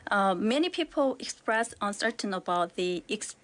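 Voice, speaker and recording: Woman, therapist, native Korean, calm, explanatory, radio studio. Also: mid-range voice, normal speed. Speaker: art therapist guest. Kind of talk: radio interview.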